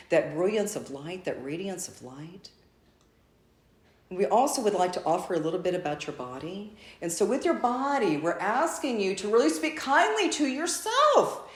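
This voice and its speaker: Woman spiritual channel: effusive and repetitive, with a swooping, expressive pitch, recorded in an echoey room. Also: moderate pace. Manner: speaks as a collective "we", repetitive and effusive.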